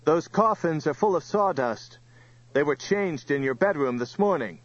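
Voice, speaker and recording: A man voicing a desperate young man, shouting in urgent, strained bursts. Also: on the high side, animated, moderate pace, no room sound, dull audio, voice pushed up.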